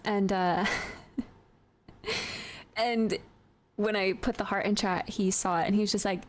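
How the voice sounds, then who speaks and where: A woman's voice: mid-range voice, normal speed, long pauses, a little hiss or hum. A woman streamer chatting casually and giggling often while she works on a 3D model. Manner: chatty and giggly, with many fillers.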